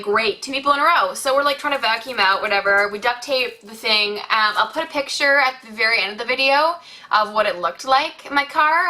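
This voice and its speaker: A young woman telling a rambling story on her vlog, acting out what people said, with lots of fillers. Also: fairly high pitch. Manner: rambling, animated retelling with many fillers and acted-out quotes. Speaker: beauty vlogger.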